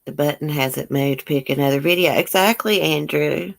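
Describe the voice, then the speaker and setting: A woman's voice: low voice, normal speed, creaky. A woman with a Southern US country accent hosting a casual livestream, answering viewer comments in a blunt, outspoken way and swearing freely. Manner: folksy country speech with drawled phrases. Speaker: YouTube livestream host. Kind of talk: casual live chat reading viewer comments.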